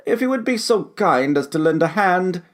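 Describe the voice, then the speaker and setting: A man's voice: high-pitched, animated, moderate pace, pitched above the performer's own voice. A man playing a pompous, boastful knight in a fantasy audio drama, speaking grandly with a raised voice.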